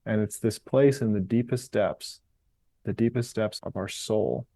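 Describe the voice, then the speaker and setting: A man with a low, warm, mellow voice talks through his ideas in a calm, explanatory way, as a guest on a podcast interview. His voice is dry and close, with no room sound around it. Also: measured pace, vocal fry, dry recording. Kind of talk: reflective interview talk on meditation.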